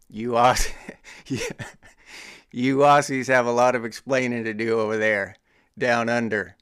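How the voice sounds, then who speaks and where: A man's voice: lowish voice, a bit bright, clear, resonant tone, dry recording, clean studio sound. A middle-aged American man hosting his own show, teasing and joking in casual commentary with frequent chuckles. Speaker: podcast host.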